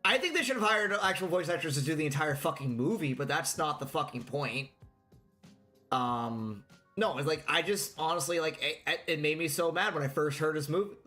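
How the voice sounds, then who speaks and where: A man's voice: a little high, a little fast, bright, forceful tone, faint music behind. A man chatting casually while playing a game, ranting and swearing freely. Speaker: game player.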